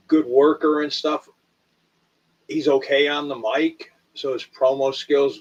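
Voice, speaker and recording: A man's voice: medium pitch, far from the mic. A middle-aged man, a former wrestler, speaking hesitantly with many fillers in casual podcast chat. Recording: dull lo-fi sound from off the mic.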